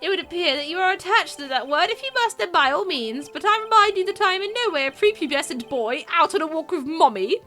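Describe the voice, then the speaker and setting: A woman's voice: very high-pitched, animated, fast, few pauses, fairly bright tone, soft background music, pitched above the performer's own voice. A woman voicing a pompous, posh young male drifter who talks at length with theatrical haughtiness in a game read-through. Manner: haughty, long-winded, theatrical.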